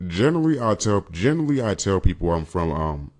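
A man's voice: low voice, big pitch swings, fairly quick, a little mellow. A young man hosting his own podcast, chatting casually from California, rambling and joking as he corrects himself. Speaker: podcast host. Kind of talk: casual chat.

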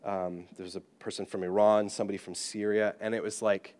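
A British-born man, a pastor, telling a personal story in an animated, self-deprecating and humorous way. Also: lowish voice, a little fast, smooth. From Britain. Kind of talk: storytelling sermon.

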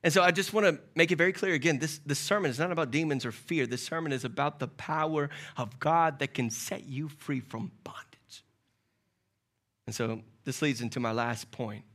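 A man preaching a sermon as pastor, moving from hushed, quiet passages to loud, urgent calls. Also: a little high, normal speed. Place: church service. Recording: loud music under the voice.

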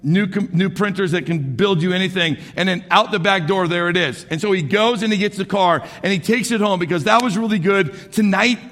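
A man in his forties preaching a sermon as pastor, animated, swinging from shouts to hushed asides. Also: high-pitched, a little fast, few pauses. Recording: echoey hall.

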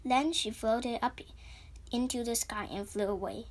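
Woman, reading a storybook aloud, plain, unhurried, small slips, fairly high voice. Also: fairly even intonation. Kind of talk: reading a children's chapter book aloud.

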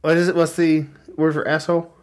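An American man with a fairly high-pitched voice, co-hosting a casual podcast. He teases his co-host in a wry, dry way and explains things plainly. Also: completely flat delivery, fast talker.

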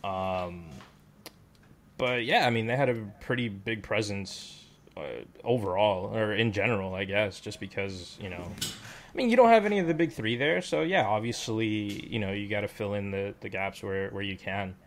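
A man's voice: lowish voice, moderate pace, a little hiss or hum. A man chatting casually with friends, rambling with lots of fillers and restarts. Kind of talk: casual chat.

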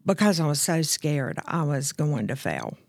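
A woman with a fairly low voice tells her recovery story as a guest, candid and earnest. She slows down to lean on the moments that matter. The sound is dry and close, with no room around it. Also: sing-song, gravelly, darkish tone, no room sound. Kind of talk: personal testimony in conversation.

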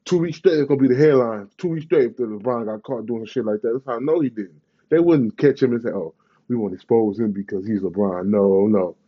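A man's voice: medium pitch, lively intonation, brisk, lo-fi sound. A man, ranting in a profane, rambling, slang-heavy way in a casual vlog. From Bay Area, California. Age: 30s.

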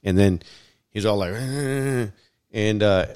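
A man's voice: on the low side, slow pace, darkish tone, clean tone. A man hosting a casual podcast chat, talking bluntly and emphatically and swearing freely. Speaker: podcast host.

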